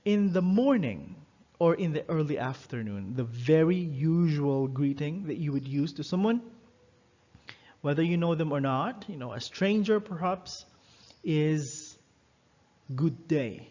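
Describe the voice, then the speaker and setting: A man's voice: on the high side, lively intonation, dark tone. Man teaching in a dull recording. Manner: explanatory, repeats words slowly for learners. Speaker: French teacher. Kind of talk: recorded online lesson.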